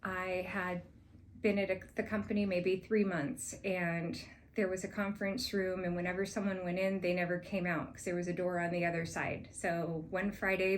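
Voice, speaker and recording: A woman's voice: on the low side, moderate pace, a little hiss or hum. Earnest woman telling a sales story. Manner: earnest, grows animated while retelling events. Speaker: sales manager pitching a proposal. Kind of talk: personal story told as a pitch.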